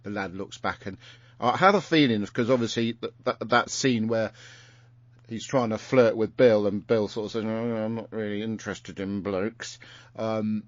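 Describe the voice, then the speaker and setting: A man's voice: fairly low pitch, normal speed, no echo. A man hosting a podcast, casually recapping an episode in a rambling way with lots of fillers and restarts. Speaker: podcast host. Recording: muffled lo-fi recording.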